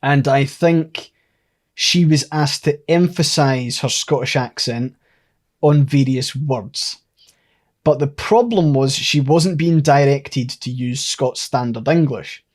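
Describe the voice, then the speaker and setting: A man's voice: medium pitch, slow. A man co-hosting a podcast who thinks aloud and lays out his theories at length in a casual chat. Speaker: podcast co-host.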